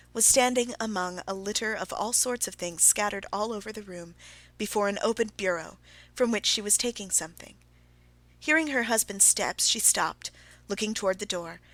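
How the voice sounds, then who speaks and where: A woman narrating a classic novel as an audiobook, in a measured, expressive reading. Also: mid-range voice, dry recording.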